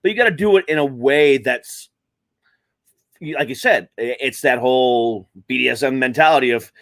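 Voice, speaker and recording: A man's voice: mid-range voice, moderate pace, a bit bright. A man co-hosting a podcast in casual chat, a comedian talking in a laid-back, rambling way with lots of fillers.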